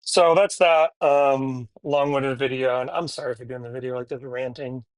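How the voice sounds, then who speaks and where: A man's voice: fairly even intonation, moderate pace, clean tone, no room sound. Chatty, candid man training a dog. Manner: chatty and candid, switching to high, cheery praise for the dogs. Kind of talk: casual talk to camera while training a dog.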